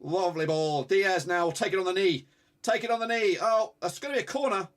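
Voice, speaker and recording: A man streaming a live football watch-along, reacting excitably, swearing and urging viewers to like and subscribe. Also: high-pitched, a little fast.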